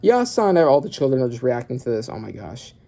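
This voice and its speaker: Excitable man reacting to a manga. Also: mid-range voice, fast, vocal fry, breathy edge. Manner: excitable, bursts into loud exclamations and swearing. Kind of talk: reading and reacting to a manga chapter.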